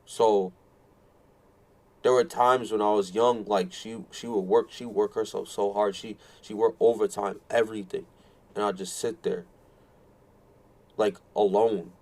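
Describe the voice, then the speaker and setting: A man's voice: on the low side, fairly even intonation, unhurried, long pauses, darkish tone. A man in his late twenties streaming, telling a rambling, swear-filled story that often mocks himself and repeats lines in exasperation. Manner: rambling, profane, self-mocking storytelling. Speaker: fighting game streamer. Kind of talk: casual live-stream chat.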